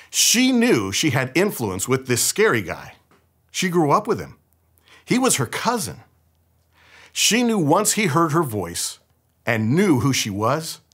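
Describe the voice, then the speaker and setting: A man's voice: medium pitch, fairly bright tone, husky. A man from the San Francisco Bay Area preaching a sermon as pastor, telling a story in a conversational, humorous way.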